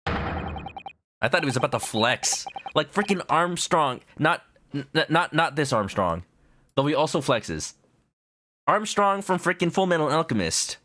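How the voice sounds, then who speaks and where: A man's voice: on the high side, sing-song, unhurried, sharp tone. A man streaming a game let's play, chatting playfully and casually with many fillers.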